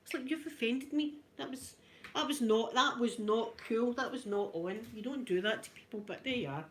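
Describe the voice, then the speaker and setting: A woman's voice: a little high, normal speed, a bit bright, a little hiss or hum. A middle-aged Scottish woman with a Glasgow accent, telling stories in a casual, chatty way with frequent "right?" asides. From Scotland. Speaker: vlogger. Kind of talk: casual storytelling while ironing.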